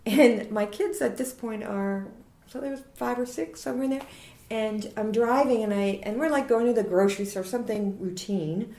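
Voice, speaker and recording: Animated woman telling stories in a roomy space. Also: a little high, normal speed. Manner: animated, laughing, acts out quotes. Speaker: guest. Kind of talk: casual interview storytelling. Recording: roomy echo.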